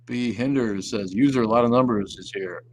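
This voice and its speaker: A man's voice: mid-range voice, normal speed, a little mellow, a little hiss or hum. A man hosting a casual livestream, reading viewer comments and rambling profanely, often trailing off into mumbles. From Southeast Wisconsin. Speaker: livestream host.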